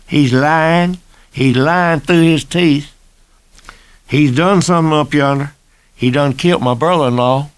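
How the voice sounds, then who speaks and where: A man voicing a loud, accusing small-town male deputy who insists in rustic dialect. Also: on the high side, a little slow, clean tone, dry recording, voice pushed up, lightly acted.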